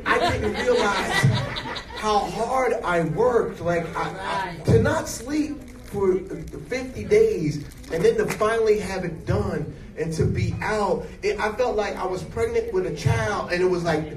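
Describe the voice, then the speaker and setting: Forties male actor guest, slightly high voice, animated and jokey; distant mic in an echoey hall with noise. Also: measured pace, a crowd in the background. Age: 40s. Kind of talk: casual interview. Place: event hall with an audience.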